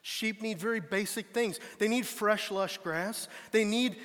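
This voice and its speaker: Long reverb from a hall surrounds a man preaching as pastor, whose measured, fairly bright voice sits high. He is earnest and emphatic, often breaking off and beginning his phrases again.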